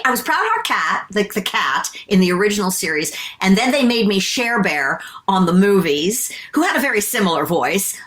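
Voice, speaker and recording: A woman from Canada, a voice actress, chatting in an interview and telling stories with big, animated pitch jumps. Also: moderate pace, few pauses, a little hiss or hum. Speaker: guest, voice actress. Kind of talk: casual interview chat.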